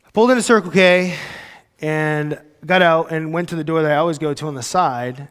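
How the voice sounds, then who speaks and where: A man's voice: a little high, a little fast, a bit bright, clean tone, big-room sound. A man preaching a sermon as a pastor, conversational and joking, acting out quoted voices. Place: church sanctuary.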